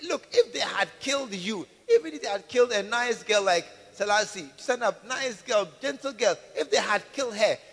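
Preacher guy, really high voice, bright and sharp, church hall echo behind him. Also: expressive, moderate pace, gravelly, few pauses. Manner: emphatic, questioning the congregation. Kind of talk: sermon.

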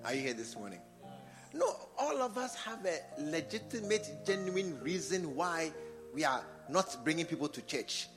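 Ghanaian bishop preaching with lively pitch. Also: male voice, moderate pace, over music. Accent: Ghanaian English. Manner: call-and-response, repeats phrases, swings from quiet to shouting. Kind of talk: sermon. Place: church service.

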